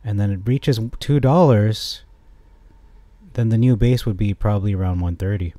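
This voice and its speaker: A man giving a casual, rambling stock chart analysis, often correcting himself and getting excited. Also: lowish voice, normal speed, no room sound. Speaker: stock market commentator.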